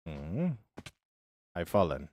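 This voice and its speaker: A man's voice: low-pitched, sing-song, takes it slowly, lo-fi sound. A man chatting casually on a live game stream, rambling and answering his viewers' chat as he plays.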